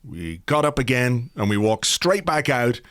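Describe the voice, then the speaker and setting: A man's voice: medium pitch, big pitch swings, a little slow, a bit bright, dry recording, clean studio sound. A middle-aged man hosting a podcast, chatting casually and telling stories with playful asides. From Ireland. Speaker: podcast host. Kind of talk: casual chat.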